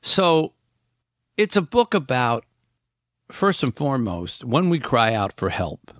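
A man's voice: mid-range voice, sing-song, slow, fairly bright tone, no room sound, clean studio sound. A man hosting a podcast, casually retelling a book's plot with frequent fillers and restarts. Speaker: podcast host.

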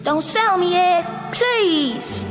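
Little talking hamburgers beg in tiny, squeaky voices pitched far above a normal man's talk, put on by a man. They sound small, clingy and desperate, the way a cartoon snack might plead. The voices come through a little away from the mic. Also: lively intonation, very slow, loud music behind the voice, heavily acted.

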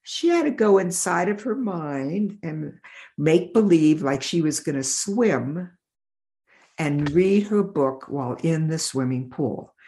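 A middle-aged woman in a podcast interview, telling stories in an animated way and acting out the voices of the people in them. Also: low voice, slow. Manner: animated, acts out voices in her anecdotes. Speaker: developmental optometrist.

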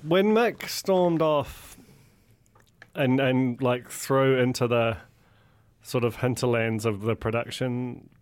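A man's voice: medium pitch, slow, clear, resonant tone. A man with a New Zealand accent co-hosting a podcast, musing and analytical, with hesitations. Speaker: podcast co-host. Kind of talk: casual chat.

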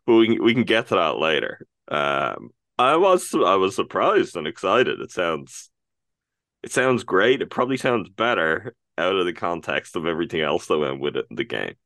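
A male podcast co-host in casual chat, groggy and just awake, talking in a rambling, halting way. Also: deep voice, sing-song, fairly bright tone, dry recording, clean studio sound.

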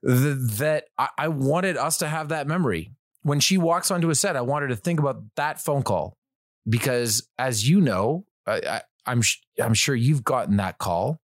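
A man chatting as a guest on a podcast, telling stories with lots of energy and a loose, profane style. His voice sits at a middle pitch. He often restarts his sentences. The sound is dry and close to the mic. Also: moderate pace, no echo. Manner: animated storyteller, swears freely, frequent restarts. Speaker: actor guest. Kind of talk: casual podcast chat.

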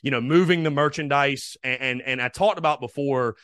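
A man's voice: medium pitch, brisk, a bit bright, smooth, dry recording, clean studio sound. A man hosting a sports podcast, talking casually and earnestly, rambling with restarts. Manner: rambling, with many restarts and fillers; heartfelt, thanking listeners. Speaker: podcast host.

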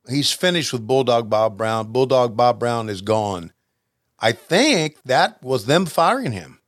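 A man co-hosting a podcast, chatting casually in a jokey, rambling, halting way. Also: medium pitch, fairly bright tone, no room sound, clean studio sound. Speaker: podcast co-host. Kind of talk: casual chat.

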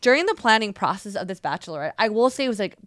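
A woman's voice: mid-range voice, racing, no echo, clean studio sound. A woman co-hosting a podcast in casual chat, telling stories and acting out what people said. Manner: animated storyteller, acts out quotes. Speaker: podcast co-host.

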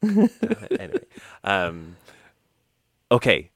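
Lively, low-voiced male podcast co-host. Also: extremely slow, dry recording, clean studio sound. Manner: laughs often, trails off into quiet asides. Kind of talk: casual chat.

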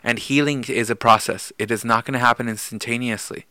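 A man's voice: mid-range voice, steady tone, fairly quick, pushed and bright, no room sound. A man co-hosting a podcast, encouraging listeners and restating points about healing in a marriage. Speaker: podcast co-host. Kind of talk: heartfelt marriage advice talk.

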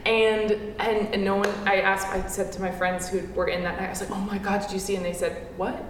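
A woman, an actor, telling a stage story in a breathless, tumbling way with quick asides. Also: mid-range voice, little pitch movement, a little hiss or hum. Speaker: actor guest. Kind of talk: anecdotal storytelling. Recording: echoey hall with long reverb.

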